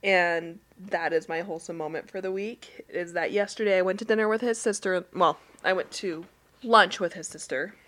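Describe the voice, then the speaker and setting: A woman's voice: lowish voice, normal speed, fairly bright tone. A woman co-hosting a casual podcast chat, telling family stories with laughter and acted-out quotes. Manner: laughing, storytelling, acts out quotes.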